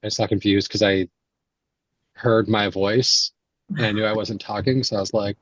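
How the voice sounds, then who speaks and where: A man chatting casually while setting up a live stream, relaxed and amused. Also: lowish voice, normal speed, no room sound, highs cut off. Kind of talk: casual chat.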